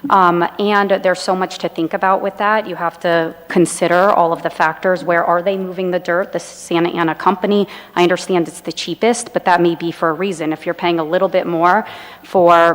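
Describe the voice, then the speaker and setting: Woman commenter, low monotone, hesitant, reverberant room. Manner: hesitant, thoughtful, uses fillers. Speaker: public commenter. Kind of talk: public comment. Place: council chamber. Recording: long hall reverb.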